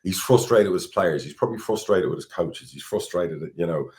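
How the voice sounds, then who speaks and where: A man's voice: deep voice, lively intonation, a little fast, darkish tone. A middle-aged Irish man, a football club chairman, talking candidly on a podcast, blunt and swearing freely. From Ireland. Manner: blunt, swears freely, repeats words when worked up.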